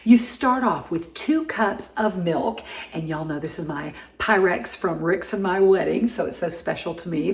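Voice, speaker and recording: A woman's voice: lowish voice, creaky, reverberant, slight background noise. A middle-aged woman with a Southern American accent, hosting a home cooking show in a cheerful, chatty, folksy way from her kitchen.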